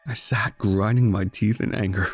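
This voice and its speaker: A man narrating a first-person horror story in a measured, tense, brooding way. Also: lowish voice, fairly even intonation, husky, no echo, soft background music. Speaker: guest narrator.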